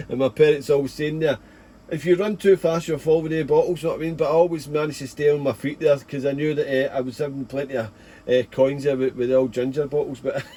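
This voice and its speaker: A man's voice: fairly high pitch, a little mellow. A Scottish man in his forties, a ham radio operator chatting casually at his home station, full of folksy fillers. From Scotland. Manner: chatty, folksy, leans on 'there' and 'mate'. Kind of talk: casual radio contact chat. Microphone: radio transceiver mic.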